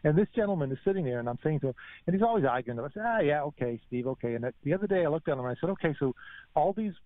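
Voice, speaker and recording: A man's voice: on the high side, lively intonation, racing, no room sound. A man calling into a talk radio show by telephone, eagerly telling a story about a coworker. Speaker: caller. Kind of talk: talk radio phone call. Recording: tinny phone line.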